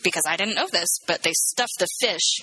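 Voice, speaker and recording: A young woman casually retelling a movie plot in an animated, chatty way, full of "like.". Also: lowish voice, a little fast, husky, dry recording, poor audio.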